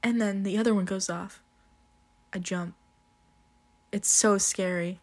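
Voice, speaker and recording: A young woman with a mid-range voice and steady tone tells a casual story full of profanity. Her delivery is slow and drawn out, with frequent swearing and plenty of laughter.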